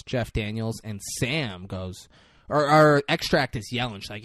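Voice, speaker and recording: A man's voice: mid-range voice, animated, fairly quick, no echo, studio quality. A man co-hosting a podcast, recapping a film in casual chat and swearing often. He acts out the characters as he tells it. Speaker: podcast co-host.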